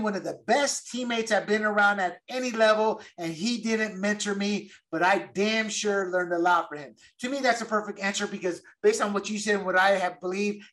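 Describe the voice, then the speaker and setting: Bright, high-voiced man talking sports. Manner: emphatic, animated, repeats words. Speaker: podcast co-host. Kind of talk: casual sports chat.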